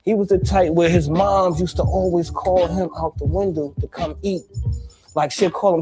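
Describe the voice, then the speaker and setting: A man from Brooklyn telling childhood stories in a documentary interview, lively and animated. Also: sits high, normal speed. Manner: lively storyteller. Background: music.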